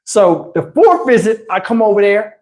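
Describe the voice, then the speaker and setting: A man telling a story on a live stream, animated and profane with laughing asides. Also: sits high, moderate pace. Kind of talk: casual storytelling. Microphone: wireless lapel mic.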